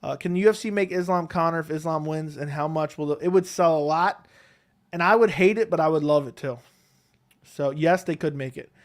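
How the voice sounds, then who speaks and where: A man hosting a casual live stream at home, reading chat questions and answering them in a relaxed, rambling way on a close desk mic. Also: on the high side, fairly quick. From Connecticut, USA. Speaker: MMA YouTube host reading live chat. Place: home, seated in a chair. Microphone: close desk microphone.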